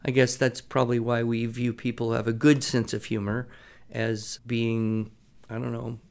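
A man's voice: medium pitch, level tone, normal speed, creaky, a little mellow. A man co-hosting an educational podcast, talking in a thoughtful, explanatory way. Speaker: podcast co-host, writing educator. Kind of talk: casual conversational podcast.

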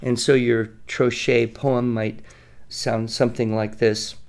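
Male co-host, gravelly, patient explainer who recites verse. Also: medium pitch, little pitch movement. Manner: explanatory, chants rhythms and recites verse slowly. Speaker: podcast co-host, teacher. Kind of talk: relaxed educational conversation.

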